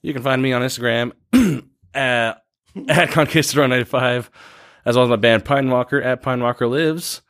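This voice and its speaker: A man's voice: medium pitch, moderate pace, fairly bright tone. A man hosting a podcast, chatting about a film in a laid-back way and signing off the show. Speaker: podcast host. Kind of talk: casual film review chat.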